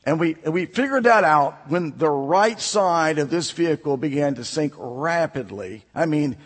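A man's voice: fairly high pitch, a little slow, big-room sound. A man preaching a sermon in a church, telling a personal story with laughs. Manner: storytelling, animated, laughs often.

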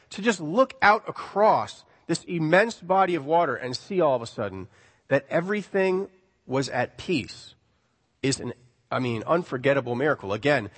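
Guy preaching, bit high voice, gets loud then quiet, church echo. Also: husky. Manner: animated, swings from loud to hushed. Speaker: pastor. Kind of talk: sermon. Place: church sanctuary. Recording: long reverb of a hall.

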